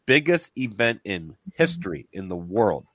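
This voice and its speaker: Excited low-voiced man. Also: normal speed, no echo, studio quality. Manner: excited, emphatic, rambling with restarts. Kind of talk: casual religious discussion.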